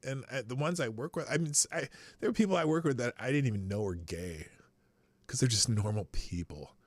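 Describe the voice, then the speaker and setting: A man hosting a live show, rambling through casual commentary with frequent swearing and sudden jumps in pitch. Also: animated, a little fast, no echo.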